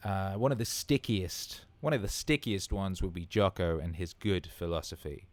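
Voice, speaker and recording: This livestream Q&A host is a man in his thirties with a low-pitched voice and a moderate pace, recorded without echo. He rambles eagerly, curses without restraint, and says words twice to stress them.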